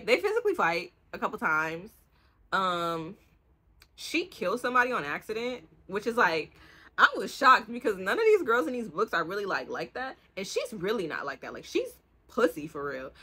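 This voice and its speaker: A woman's voice: mid-range voice, breathy edge. A young woman, giving a rambling, casual book review full of swearing and acted-out lines. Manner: animated, swearing, acts out the characters' lines in quick bursts. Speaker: book vlogger.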